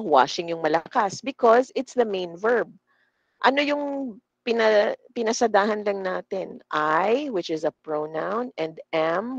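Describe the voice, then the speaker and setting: A woman trainer with a Filipino accent, teaching an online class, mixing English and Tagalog and slowly demonstrating word stress. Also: medium pitch, gravelly, no echo. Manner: switches between English and Tagalog. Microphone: video call. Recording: dull, dry video-call audio.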